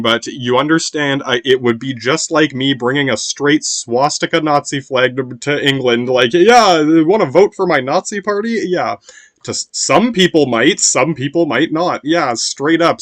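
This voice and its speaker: A man hosting a podcast, rambling in a casual monologue, swearing often and filling every pause with "yeah". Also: mid-range voice, fairly bright tone, dry recording. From United States. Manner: meandering, profane, constant "yeah" fillers. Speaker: podcast host.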